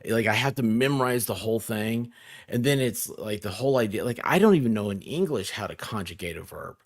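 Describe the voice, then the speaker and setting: A woman lawyer joining as a guest, talking in quick animated bursts and poking fun at herself. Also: very deep voice, no echo, studio quality. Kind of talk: casual chat.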